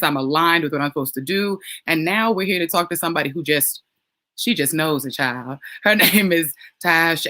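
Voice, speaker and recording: Low-voiced woman hosting an interview. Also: bright, forceful tone, no room sound, clean studio sound. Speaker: host.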